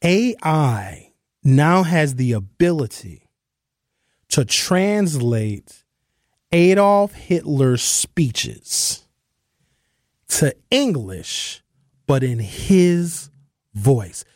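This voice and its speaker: A man hosting a talk radio show, delivering an opinionated, conversational monologue that slows down and speeds up for emphasis. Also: a little high, sing-song, a little mellow, no echo, clean studio sound.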